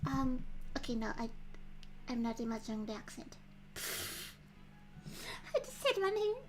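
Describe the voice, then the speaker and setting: High-pitched woman streamer, giggly and chatty. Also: sing-song, unhurried, a little hiss or hum, poor audio. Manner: chatty and giggly, thinking aloud with many restarts. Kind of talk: casual livestream commentary.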